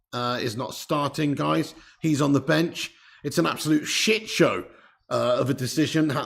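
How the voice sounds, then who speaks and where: A man hosting a live football watch-along stream, chatty and excitable, greeting viewers and swearing casually. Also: fairly high pitch, gravelly.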